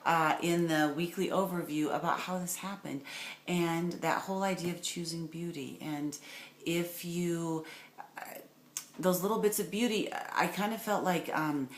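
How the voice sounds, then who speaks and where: Low-voiced woman lecturing in an echoey room. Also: measured pace. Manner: rambling, warm enthusiasm with many fillers and restarts. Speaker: course instructor. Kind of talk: recorded lecture for an online course. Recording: echoey room with faint noise.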